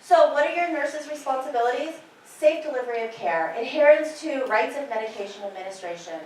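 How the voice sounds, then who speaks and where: A woman's voice: sits high, lively intonation, a little fast, a little mellow. A middle-aged woman, a nurse, lecturing nurses in an impassioned, personal way. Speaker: nurse educator. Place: large lecture hall. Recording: very echoey hall, from far off.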